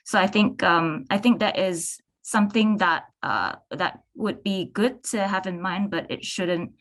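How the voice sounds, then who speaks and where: A woman's voice: mid-range voice, a little slow, fairly bright tone. A young woman on a discussion panel, answering questions hesitantly with many restarts and fillers. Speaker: artist on a panel.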